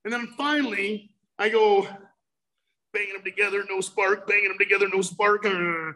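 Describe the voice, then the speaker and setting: A man with a very high, bright, forceful voice shares his own recovery story. He speaks emphatically, building to loud bursts as he tells his tale. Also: steady tone, normal speed, rough recording. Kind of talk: personal recovery talk.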